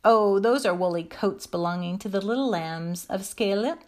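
A woman's voice: mid-range voice, moderate pace, a little mellow, lightly acted. A woman voicing a stout, anxious hedgehog washerwoman in a storybook reading, chatty and deferential. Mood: polite, fussy. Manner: bobbing, deferential, chatty about the washing.

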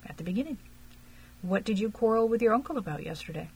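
A woman's voice: medium pitch, expressive, fast, darkish tone, slightly rough, poor audio. A woman reading aloud and voicing a stout, shrewd male detective who speaks pleasantly and probingly, in an audiobook.

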